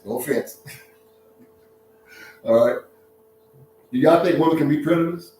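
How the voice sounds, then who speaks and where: A man's voice: a little high, slow, mellow, a little hiss or hum. A man, hosting a casual live-stream monologue, joking and laughing often and acting out voices. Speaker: social media talk host. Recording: echoey room, far from mic.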